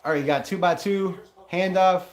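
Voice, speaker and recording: A man's voice: sits high, fairly even intonation, normal speed. A man hosting a fan watch-party livestream, calling the plays in a loose, chatty way and getting heated at his own team's players. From Las Vegas area. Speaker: livestream host. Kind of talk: casual watch-party play-by-play.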